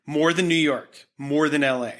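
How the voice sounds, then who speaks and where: A man's voice: a little high, steady tone, normal speed, a bit bright. A man from Utah, an art historian and art dealer, telling anecdotes in a podcast interview with frequent restarts and fillers. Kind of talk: conversational storytelling.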